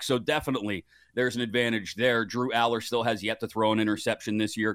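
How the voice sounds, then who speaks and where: A man's voice: mid-range voice, no room sound, studio quality. A man giving his college football picks as a guest on a betting show, talking casually with jokes at his own expense. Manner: animated, self-deprecating, jokey. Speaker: guest sports betting analyst. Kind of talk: casual sports betting chat.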